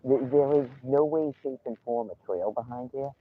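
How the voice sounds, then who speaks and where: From a campsite outdoors, a male livestreamer chats casually and launches into indignant, profanity-heavy rants. His voice is mid-range at a normal speed, heard through a tinny, phone-like stream with slight hiss or hum.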